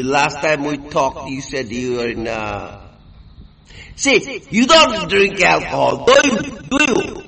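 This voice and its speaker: A crude, boastful man rambles along at a slow, dragging pace. He sounds tipsy and stumbles over constant fillers, and his voice is high and bright. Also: vocal fry, poor audio. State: tipsy from drinking. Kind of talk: rambling monologue.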